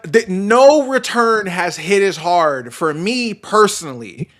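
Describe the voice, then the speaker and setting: A man hosting a podcast in casual chat, excitable, swinging from shouts to hushed tones, with slangy swearing. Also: high-pitched, slow pace. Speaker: podcast host.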